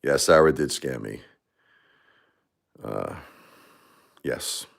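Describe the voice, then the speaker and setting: Brief: middle-aged man, very low voice, rambling and heartfelt, hosting his own livestream. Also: extremely slow, gravelly. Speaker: livestream host. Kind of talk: casual livestream talk.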